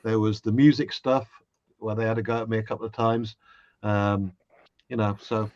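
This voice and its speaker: A man's voice: on the low side, flat delivery, normal speed, a little mellow, no room sound, muffled recording. A man with an English accent chatting casually on a livestream, breezy and self-mocking. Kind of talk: casual group chat on a livestream.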